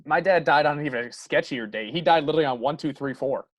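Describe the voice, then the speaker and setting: A man's voice: on the high side, fast talker, no room sound. A young man, a guest comedian, rambling earnestly and self-doubtingly in casual podcast talk.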